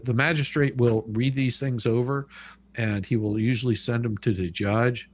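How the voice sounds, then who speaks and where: A man's voice: on the low side, slight background noise. A man in casual chat explaining how a court process works, stumbling and repeating words as he goes.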